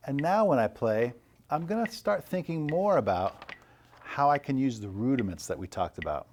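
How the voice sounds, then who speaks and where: A man teaching an online percussion lesson, calmly coaching and counting rhythms aloud. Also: mid-range voice, a little hiss or hum.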